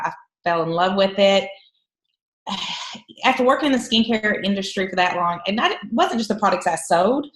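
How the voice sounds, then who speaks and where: A woman's voice: medium pitch, a bit bright. Woman, heavy eastern Kentucky accent, candid storytelling, frequent laughs, echoey phone call. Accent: Eastern Kentucky Appalachian. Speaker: guest trainer. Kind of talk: conference call training talk.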